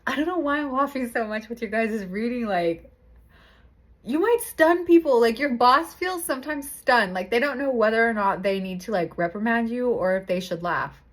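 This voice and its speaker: A woman's voice: on the high side, normal speed. A young woman giving a casual tarot reading to camera, chatty and laughing often, swearing casually. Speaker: tarot reader.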